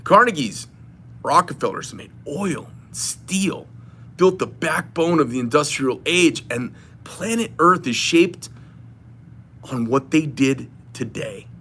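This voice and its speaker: A man's voice: on the high side, expressive, slow, sharp tone, a little hiss or hum. A man delivering an impassioned, rambling political rant to his viewers, retelling a phone call with a friend. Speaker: knife shop owner.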